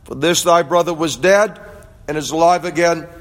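High-voiced preacher in a reverberant hall. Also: male voice, steady tone. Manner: measured, emphatic delivery. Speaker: pastor. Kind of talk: sermon with scripture reading. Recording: long reverb of a large hall.

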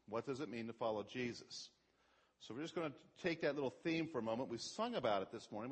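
A man's voice: on the high side, slightly rough. A middle-aged man preaching a sermon as pastor, explaining scripture and raising his voice with emphasis on quoted verses.

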